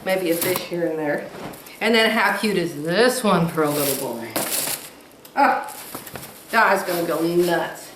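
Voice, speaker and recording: A woman's voice: fairly low pitch, animated, a little slow, pauses often, roomy sound, recorded from a distance, noisy background. A woman vlogging from home in a chatty, gushing way, laughing often as she talks. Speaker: quilting vlogger. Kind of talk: casual chat to camera. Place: home room.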